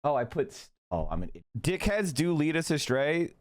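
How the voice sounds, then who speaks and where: A man's voice: a little high, very animated, fairly quick. A man hosting a casual livestream, reacting to clips with profane, heated, mocking rants. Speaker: streamer host.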